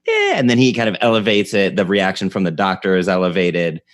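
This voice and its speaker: A man's voice: deep voice, sing-song, fairly quick, no room sound. A man hosting a podcast, chatting casually about comedy, rambling with many restarts and laughing between lines. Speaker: podcast host.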